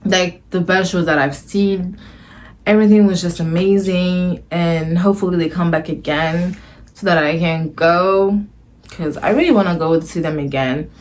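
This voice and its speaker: A woman's voice: fairly low pitch, fairly even intonation, moderate pace. A woman vlogger telling a casual storytime to the camera, gushing and rambling, often restarting her phrases.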